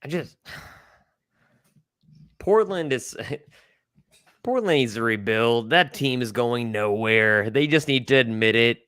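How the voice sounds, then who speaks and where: A man's voice: mid-range voice, animated, slow, long pauses, fairly bright tone, clear, resonant tone, no room sound, clean studio sound. A man co-hosting a casual sports podcast, giving blunt opinions and often restarting his sentences. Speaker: podcast co-host.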